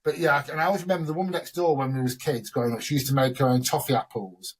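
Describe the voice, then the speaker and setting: Husky rambling man. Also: mid-range voice. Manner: rambling, chatty storyteller, quick to laugh. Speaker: host. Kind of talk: casual chat.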